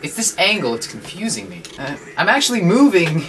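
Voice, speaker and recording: A man casually commentating while he plays a video game, chatty and joking with sudden excited yelps. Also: fairly high pitch, a little fast, a little hiss or hum. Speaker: guest player commentating. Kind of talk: casual let's-play commentary. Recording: from a distance with game music behind.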